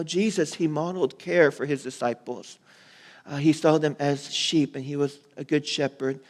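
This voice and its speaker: Man preaching in a reverberant hall. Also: fairly high pitch. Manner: conversational preaching with animated asides. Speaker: pastor. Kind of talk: sermon.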